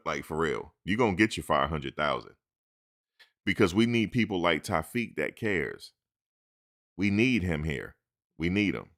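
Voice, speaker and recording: A man's voice: deep voice, a little slow, pauses often. A man hosting a sports talk show, riffing casually and animatedly, acting out imagined conversations and answering his chat. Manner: animated, talks back to the chat; acts out imagined lines in asides. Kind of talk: casual commentary.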